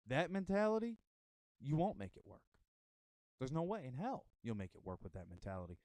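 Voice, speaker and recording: A man's voice: medium pitch, very animated, fast, mellow, dry recording. An American man giving a casual motivational monologue to camera, emphatic and a bit rambling. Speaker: vlogger giving motivational talk.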